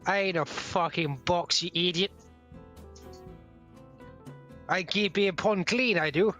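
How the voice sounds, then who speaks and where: Cockney, rude male AI box, put on by a man as game master, higher than usual, swears and grumbles, tabletop game. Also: normal speed, pushed and bright, faint music behind. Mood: irritable. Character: grumpy foul-mouthed male water-cleaning AI box.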